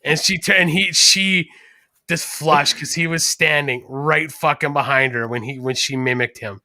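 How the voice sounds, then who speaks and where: A man with a high, very bright voice chats casually on a podcast. He rambles through anecdotes, clearing his throat as he goes. The recording is close and dry. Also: a little slow, no room sound. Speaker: podcast co-host. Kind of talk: casual chat.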